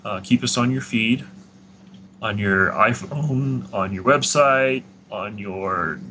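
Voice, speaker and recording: A man's voice: lowish voice, slow, noisy background. A man co-hosting a podcast in casual chat, upbeat as he plugs the show. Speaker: podcast co-host.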